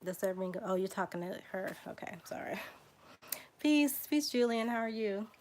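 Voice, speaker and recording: A woman's voice: mid-range voice, fast, a little mellow, slight background noise. A woman with a Southern US accent hosting a casual livestream, reading out name lists, spelling names letter by letter and chatting with viewers. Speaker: genealogy livestream host.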